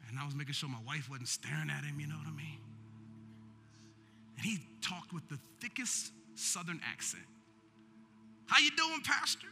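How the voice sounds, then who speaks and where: A man's voice: fairly high pitch, moderate pace, creaky, noisy background. A man preaching a sermon as pastor, building in intensity, with call-and-response. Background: faint keyboard music.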